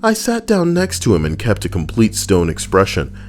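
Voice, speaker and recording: A man's voice: fairly low pitch, wildly swooping pitch, moderate pace, a little hiss or hum. A man casually reading online stories aloud on a live stream, swearing freely, laughing and breaking off to riff between lines.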